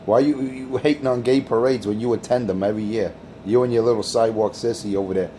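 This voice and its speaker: A man's voice: medium pitch, steady tone, quick pace, dark tone, slight background noise. A man hosting a crude, taunting radio rant. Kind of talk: insult-heavy radio rant.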